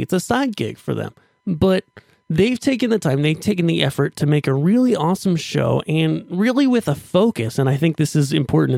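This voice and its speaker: A man with a fairly high, gravelly voice hosts a podcast in a chatty, upbeat monologue. His voice sounds close and dry, with no room echo. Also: darkish tone. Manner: upbeat, chatty, with restarts while pitching offers. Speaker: podcast host.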